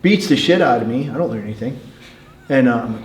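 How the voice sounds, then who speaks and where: A man's voice: medium pitch, quick pace, a little hiss or hum. Middle-aged new york guy telling wild stories, laughs a lot, roomy echo. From New York City. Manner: animated storyteller, laughs often. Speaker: martial arts coach. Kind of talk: casual storytelling chat. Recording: echoey room.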